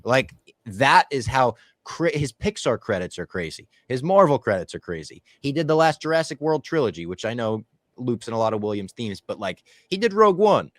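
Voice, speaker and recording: A man's voice: mid-range voice, sing-song, normal speed, dry recording, clean studio sound. A man co-hosting a podcast, talking animatedly through a casual movie review and swearing freely. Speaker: podcast co-host.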